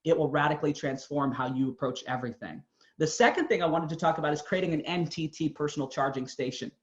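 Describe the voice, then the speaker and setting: A man's voice: a little high, fairly even intonation, quick pace, reverberant. A man giving an earnest, emphatic motivational talk, telling his own story. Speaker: motivational speaker. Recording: dull lo-fi sound.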